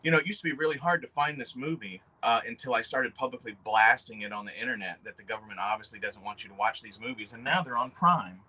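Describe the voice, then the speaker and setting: Male livestream host, bright-toned, excitable, swears a lot, rambles. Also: medium pitch, fast talker, few pauses. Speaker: livestream host showing custom figures. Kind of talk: casual livestream chat.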